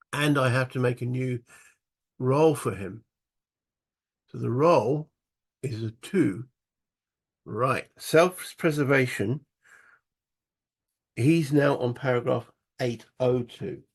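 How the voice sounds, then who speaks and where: Man, gravelly, husky, muttering rules aloud, casual board-game playthrough. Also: medium pitch. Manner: muttering rules aloud, thinking through moves. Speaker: solo board-game player. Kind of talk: casual solo wargame playthrough.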